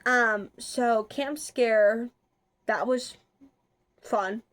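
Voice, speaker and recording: A chatty young woman with a slightly high voice talks casually to her viewers. She rambles, trips over her words and fills gaps with likes and ums. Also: fairly even intonation, very slow, a bit bright. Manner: rambling, chatty, frequent filler words and restarts. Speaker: vlogger. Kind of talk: casual chat.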